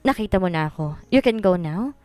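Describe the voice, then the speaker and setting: A woman voicing a defiant young heiress who answers with sharp, snappish retorts. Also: on the low side, animated, quick pace, clean tone, close to an everyday voice.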